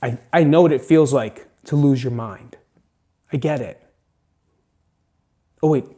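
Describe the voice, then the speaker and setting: A man's voice: mid-range voice, measured pace, warm tone. A man hosting a solo podcast, talking earnestly and emphatically, swearing often and close to tears. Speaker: podcast host. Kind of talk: emotional solo podcast monologue.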